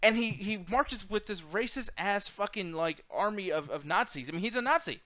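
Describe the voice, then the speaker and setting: A man co-hosting a casual late-night movie review show, ranting in an animated, profane way. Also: high-pitched, moderate pace, no room sound. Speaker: podcast co-host.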